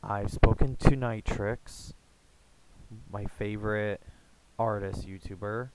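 Slow, gravelly young man rambling. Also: fairly low pitch, fairly even intonation, background noise. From United States. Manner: rambling, halting, many fillers and restarts. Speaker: gaming YouTuber. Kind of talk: casual rambling vlog chat.

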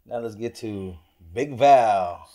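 A man's voice: lowish voice, slow, dark tone. A man hosting a podcast in a studio, giving short encouraging replies to his guest. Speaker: podcast host. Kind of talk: casual interview.

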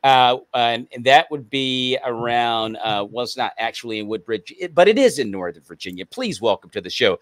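A man's voice: medium pitch, lively intonation, normal speed, hardly any pauses, no room sound, clean studio sound. Upbeat man hosting a talk show. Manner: upbeat, repeats words and restarts. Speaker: host. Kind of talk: online talk show chat.

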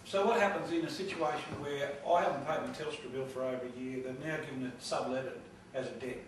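Man, audience question, quick, distant echoey hall sound. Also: medium pitch, steady tone. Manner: questioning, casual. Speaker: audience member asking questions. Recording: echoey hall from far off, faint noise.

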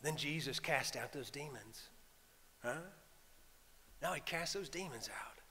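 A man, a priest preaching a sermon, telling the story in a lively way and talking straight to the congregation. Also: medium pitch, measured pace. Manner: animated storytelling with asides to the congregation. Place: church. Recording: long church reverb.

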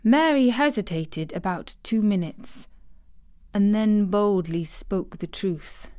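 A woman narrating an audiobook in a calm, measured storytelling manner. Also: medium pitch.

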